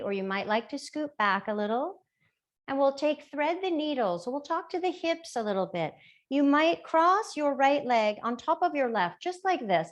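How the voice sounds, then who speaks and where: A woman teaching a gentle yoga class, with soft, playful step-by-step cues. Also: fairly high pitch. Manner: soft, slow, playful cueing.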